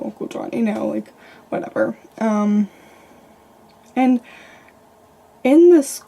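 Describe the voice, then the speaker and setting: A young woman who vlogs about the paranormal chats to camera, recounting her own ghost stories in a rambling way full of fillers. Her mid-range voice is warm and husky, with vocal fry.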